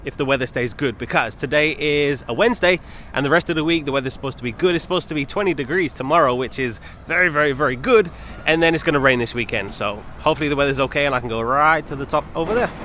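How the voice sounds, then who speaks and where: A man's voice: on the high side, fast talker, sharp tone, slight background noise. A man filming a walking travel vlog outdoors on city streets, chatty and enthusiastic, often exclaiming at what he sees. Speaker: travel vlogger.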